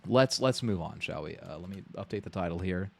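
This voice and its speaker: A man's voice: low voice, expressive, fairly quick, creaky. A man live-streaming his reactions to a game showcase, ranting bluntly and profanely with frequent restarts.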